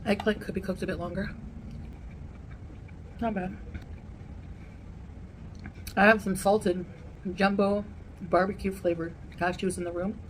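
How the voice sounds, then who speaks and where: A woman vlogger chatting casually to her viewers while eating a meal, rambling and pausing to chew. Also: medium pitch, flat delivery, a little hiss or hum. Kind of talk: casual eating vlog chat.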